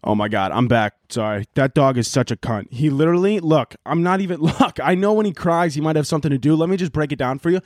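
A man's voice: a little high, lively intonation, quick pace, hardly any pauses, a little mellow, dry recording, studio quality. A man hosting a solo podcast from home, riffing in loose, profane, rambling comic rants. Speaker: podcast host. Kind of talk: casual solo podcast monologue.

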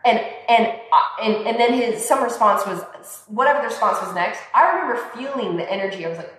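A mother talking in a relaxed podcast chat, lively and expressive, often acting out the voices of people she quotes. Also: on the high side, brisk. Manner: animated, acts out quoted voices. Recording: echoey room with long reverb.

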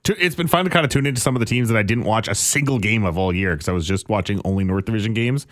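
A man co-hosting a casual talk show, chiming in quickly with agreement and questions. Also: lowish voice, fairly bright tone. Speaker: radio co-host. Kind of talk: casual chat.

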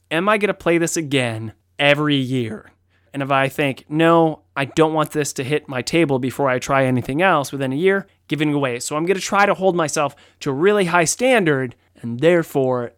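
A man's voice: fairly high pitch, fairly bright tone, smooth, no room sound. Chatty podcast host man, dry close sound. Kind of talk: casual podcast chat.

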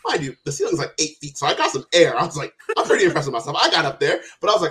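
A man co-hosting a casual sports podcast, animated and swearing as he relives a game. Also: on the high side, rapid-fire, few pauses. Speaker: podcast co-host.

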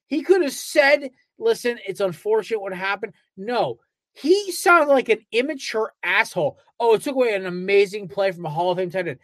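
A man's voice: high voice, animated, moderate pace, a bit bright, no echo. Man, sports podcast co-host, fired-up rant, heavy swearing, dry close sound. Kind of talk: casual sports chat.

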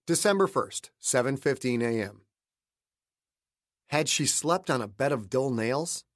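A man narrating a thriller audiobook he wrote, in a steady, measured storytelling manner. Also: mid-range voice, no echo, faint music behind. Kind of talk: scripted narration.

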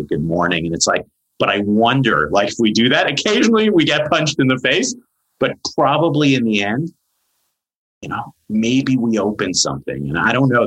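A man in his forties, a psychologist guest on a podcast, telling a long story in a lively, chatty way with lots of fillers. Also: sits low, low-quality recording. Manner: animated storyteller, many "like" fillers.

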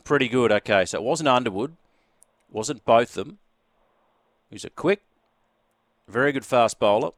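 A man's voice: medium pitch, moderate pace, pauses often, dry recording, studio quality. Chatty Australian man hosting a radio quiz. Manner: chatty, jovial. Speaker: radio host.

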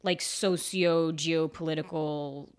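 A woman actor and writer talking frankly in a casual interview, full of "like" fillers, her voice jumping high whenever she quotes herself. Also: fairly even intonation, takes it slowly, clean tone. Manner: chatty and frank, fillers like "like", jumps high when quoting herself. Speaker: actor and writer, podcast guest.

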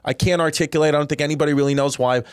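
A comedian hosting his podcast, racing through crude, rambling stories. His voice sits fairly high and moves at a rapid clip, recorded close and dry. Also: fairly even intonation, clean tone, no room sound. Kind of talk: casual podcast chat.

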